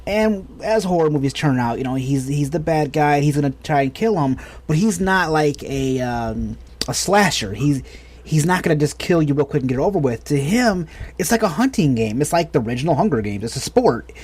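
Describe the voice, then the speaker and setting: A man's voice: fairly high pitch, animated, brisk, a little mellow. An American man in his thirties, co-hosting a podcast in a rambling, enthusiastic casual chat full of restarts. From United States. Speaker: podcast co-host.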